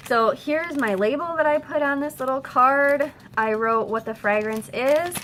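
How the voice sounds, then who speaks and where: Chatty high-voiced woman, hurried tips. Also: a bit bright, a little hiss or hum. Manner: chatty, hurried, with fillers and restarts. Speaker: direct-sales consultant. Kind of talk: casual how-to video.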